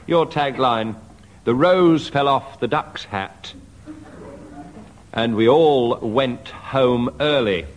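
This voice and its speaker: A man hosting a radio comedy panel game, calling on players by name and reading out the rules. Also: medium pitch. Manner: brisk, calls on players by name. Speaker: quiz show host. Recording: noisy old radio recording.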